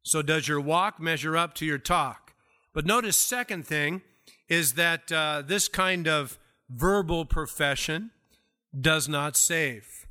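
A man preaching a casual, conversational verse-by-verse sermon, acting out little scenes and dropping to quiet asides before rising to emphatic points. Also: a little high, slow pace. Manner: swings from hushed murmurs to raised emphatic peaks. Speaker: pastor. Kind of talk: expository sermon.

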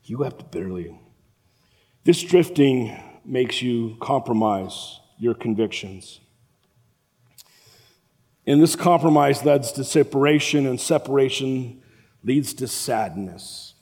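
A man preaching a sermon as a pastor, animated and acting out the voices of the people in the story. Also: mid-range voice, takes it slowly. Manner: animated, acts out the quoted voices. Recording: long reverb of a large hall.

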